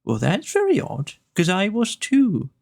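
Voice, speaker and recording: A man voicing a gentle, simple-minded toy bear in a slow, agreeable way. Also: sits high, wildly swooping pitch, vocal fry, voice pushed up, exaggerated voice.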